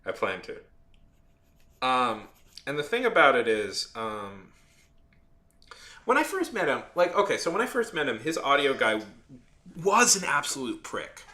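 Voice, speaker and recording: A man's voice: mid-range voice, very animated, measured pace, long pauses, pushed and bright, reverberant. A man who works as a videographer tells a story in a casual, rambling rant, with many restarts and free swearing. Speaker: videographer and editor.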